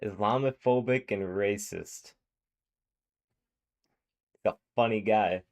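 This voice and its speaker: A man with a fairly low voice reacts to a clip in loose, casual commentary. He rambles, trailing off and restarting his sentences with plenty of fillers. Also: measured pace, long pauses, darkish tone.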